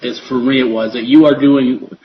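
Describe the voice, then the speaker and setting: A man hosting a podcast, speaking haltingly and repeating words as he relates to his guest. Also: medium pitch, fairly even intonation, a little hiss or hum. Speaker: podcast host. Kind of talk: interview conversation. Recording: muffled podcast audio.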